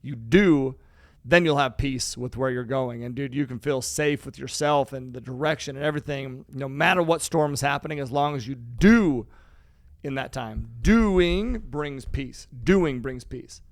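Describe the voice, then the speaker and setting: A man's voice: mid-range voice, unhurried, no echo, clean studio sound. A man co-hosting a podcast, talking in an emphatic, casual motivational way and cursing freely. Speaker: podcast co-host.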